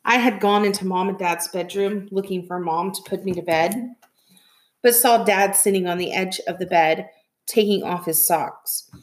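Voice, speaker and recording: A woman reading a novel aloud in soft, steady storytelling. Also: mid-range voice, normal speed. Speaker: reader.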